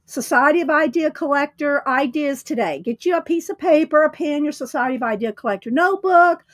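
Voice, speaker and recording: A woman hosts a casual livestream, chatting with viewers and laughing often. Her voice sits a little high. The sound is close and dry, with no room echo. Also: fairly quick, a bit bright. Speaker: livestream host.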